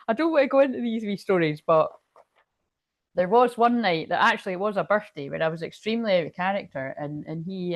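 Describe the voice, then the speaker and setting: Low-voiced woman, rambling and swearing. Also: dry recording. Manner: rambling, profane storytelling. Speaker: spiritual reader. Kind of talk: casual live-stream chat.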